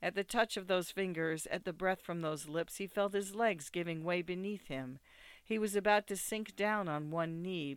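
Give me an audiobook narrator with a clear, resonant voice and a dry studio sound. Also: mid-range voice, no room sound. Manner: measured, steady storytelling. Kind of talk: audiobook reading of classic fiction.

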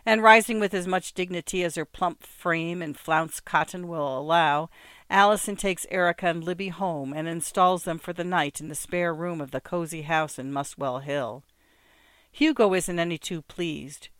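A man narrating an audiobook in a measured, wry storytelling manner. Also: on the high side, fairly bright tone, smooth, no echo. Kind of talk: scripted narration.

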